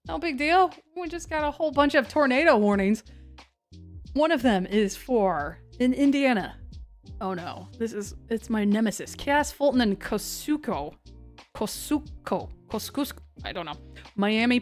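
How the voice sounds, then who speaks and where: A woman's voice: fairly high pitch, animated, moderate pace, faint music behind. A woman hosting a live severe weather stream in a chatty, scattered, self-mocking way. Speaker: severe weather livestream host. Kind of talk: casual live commentary.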